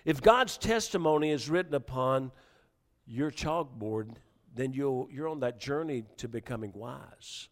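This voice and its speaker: A middle-aged male preacher giving a sermon, often restarting words and swinging between quiet storytelling and loud exhortation. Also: mid-range voice, a little slow.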